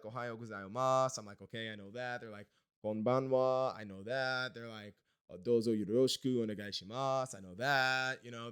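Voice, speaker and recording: A man's voice: mid-range voice, smooth. Rambling self-mocking young man vlogging. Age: late 20s. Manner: rambling, self-deprecating, swears freely. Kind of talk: casual personal vlog storytelling.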